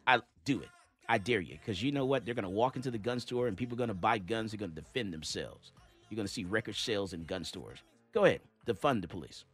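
A man's voice: fairly low pitch, animated, fast, fairly bright tone, breathy edge, faint music behind. A man hosting a radio talk show, lecturing his listeners in an emphatic, preachy monologue.

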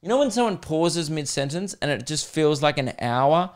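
Animated young man, swearing. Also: fairly high pitch, normal speed. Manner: animated, swearing, laughs at own jokes. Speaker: podcast host. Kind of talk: comedic storytelling monologue.

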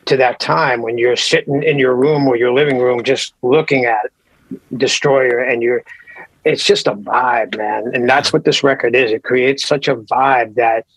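Male guest drummer, husky, dry close sound, halting casual talk. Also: medium pitch, steady tone, dry recording, rough recording. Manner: hesitant, repeats words. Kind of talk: casual podcast chat.

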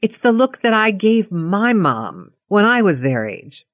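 A middle-aged woman telling a personal anecdote in a playful, animated way. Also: medium pitch, measured pace, no room sound, clean studio sound. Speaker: storyteller.

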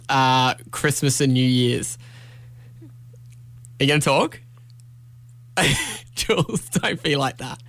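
A man's voice: fairly high pitch, fairly bright tone. A man co-hosting a breakfast radio show in a radio studio, teasing and laughing easily. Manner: teasing, playful, laughs often. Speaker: radio co-host. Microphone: studio microphone.

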